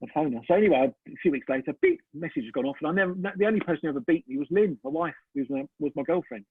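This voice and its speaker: A middle-aged man, a photographer, telling a story in an animated way and acting out both sides of the conversation. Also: on the high side, racing, breathy edge. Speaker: photographer, interview guest. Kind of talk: casual anecdote in an interview. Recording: dry, tinny phone-like call audio.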